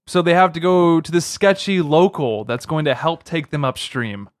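A man's voice: a little high, moderate pace, no echo, studio quality. A man co-hosting a casual movie-review podcast, recapping the plot in a loose, rambling way with lots of fillers. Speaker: podcast co-host.

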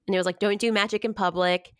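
A woman's voice: mid-range voice, fairly even intonation, quick pace, clear, resonant tone, dry recording, studio quality. A woman co-hosting a podcast, chatting casually and giggling often as she talks through a story. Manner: giggly, chatty, frequent laughter. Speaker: podcast co-host. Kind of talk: casual chat about a story.

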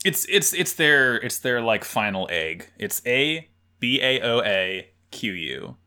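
A man's voice: medium pitch, slow, clean tone. A man co-hosting a podcast, joking and rambling in casual chat while tired. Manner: jokey, animated, rambling with fillers. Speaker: podcast co-host.

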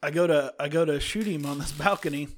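A young man with hiccups telling a casual story about his son, halting and restarting as he goes. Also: on the high side, a little hiss or hum. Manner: halting, restarts often, apologizes.

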